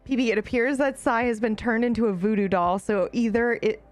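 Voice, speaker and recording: A woman's voice: fairly high pitch, fairly even intonation, a little fast, faint music behind. A woman streamer chatting casually with her live chat, bubbly and giggly, with frequent laughs and asides.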